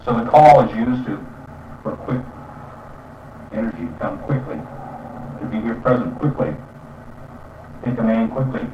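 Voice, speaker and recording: A man's voice: medium pitch, expressive, moderate pace, pauses often, a little mellow. A man teaching about spiritual practice in an earnest, explanatory way, often checking in with "you see?". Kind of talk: spiritual teaching with chant demonstrations. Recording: roomy, distant, dull sound with faint traffic.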